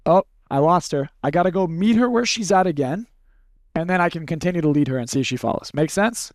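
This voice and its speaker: A man leading a live seminar workshop, talking bluntly and casually, running demonstrations with volunteers and slipping into quick acted snippets. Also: fairly high pitch, a little mellow, no room sound, clean studio sound. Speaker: seminar speaker.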